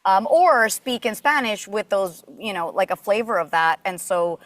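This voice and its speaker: A woman's voice: medium pitch, moderate pace, no room sound. A woman who grew up in Puerto Rico, a voice actor chatting as a podcast guest and telling stories with lots of fillers. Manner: chatty, animated storytelling with many fillers. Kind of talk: casual interview chat.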